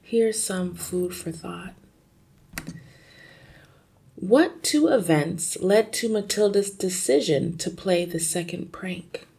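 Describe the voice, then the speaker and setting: Husky gravelly woman reading a kids book slow, lots of ups and downs. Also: on the low side. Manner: expressive, slow and careful. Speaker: storyteller and reading teacher. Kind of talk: reading a children's novel aloud with study questions.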